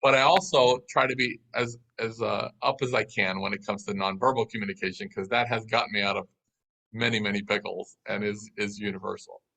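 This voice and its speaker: A man telling a business story as an interview guest, in a lively, anecdotal way. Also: lowish voice, a little fast, vocal fry, rough recording.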